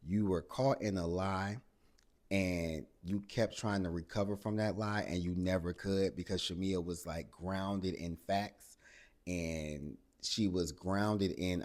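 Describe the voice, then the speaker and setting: A man hosting a casual reality TV recap, animated and exasperated, with salty asides and acted-out quotes. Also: low-pitched, measured pace.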